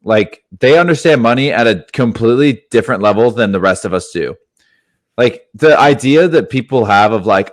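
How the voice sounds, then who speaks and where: A young man co-hosting a casual podcast, riffing with a lot of excitement. He swears freely and keeps throwing in "dude". His voice sits at an ordinary middle pitch. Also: normal speed. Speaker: podcast co-host.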